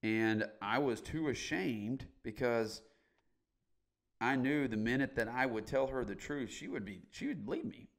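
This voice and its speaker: A man's voice: medium pitch, expressive, measured pace. A middle-aged man as a podcast guest, candidly telling his story in a blunt, emphatic way and swearing casually.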